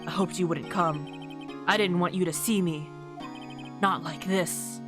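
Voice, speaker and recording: A woman voicing a proud, cold young male prosecutor from a game, dropping into a low, clipped, disdainful delivery. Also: fairly even intonation, a little slow, over music, natural voice. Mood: gloomy. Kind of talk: reading game dialogue aloud.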